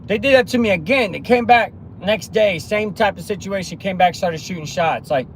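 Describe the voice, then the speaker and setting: Animated man giving street-side life advice. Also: high-pitched, normal speed, a little hiss or hum. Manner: animated storytelling, acts out others. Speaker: motivational speaker. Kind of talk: motivational monologue.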